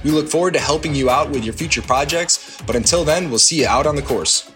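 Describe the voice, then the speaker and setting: A man reading a sponsor advertisement for his local dumpster business in a friendly, steady way. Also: a little high, fast, soft background music. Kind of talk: read advertisement.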